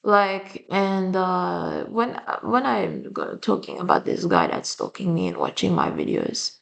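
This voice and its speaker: Young woman w a french-slavic accent ranting at the camera, lowish voice, swears a lot, rambles. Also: big pitch swings, measured pace, vocal fry, highs cut off. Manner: rambling and blunt, swearing often. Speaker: vlogger. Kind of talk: casual rant to camera.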